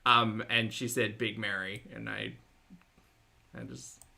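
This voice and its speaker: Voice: mid-range voice, flat delivery, slow, vocal fry, sharp tone. A host reacting to videos in casual commentary, with wry, sarcastic asides.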